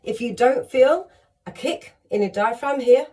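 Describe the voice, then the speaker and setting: A woman's voice: a little high, unhurried, mellow. A woman teaching a singing lesson on breathing, upbeat and encouraging, talking straight to her students and showing each exercise.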